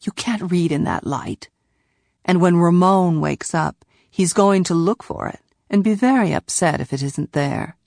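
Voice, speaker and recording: A woman voicing a calm, gentle young man who speaks softly and low in an audiobook reading. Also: slow, pauses often, no echo, studio quality. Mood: hushed. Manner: soft, hushed, gentle. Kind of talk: audiobook character voice.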